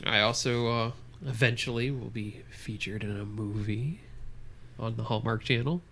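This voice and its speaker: A man's voice: mid-range voice, steady tone, moderate pace, pushed and bright, slight background noise. A man hosting a movie podcast in casual chat, teasing his co-hosts in a dry way. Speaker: podcast host.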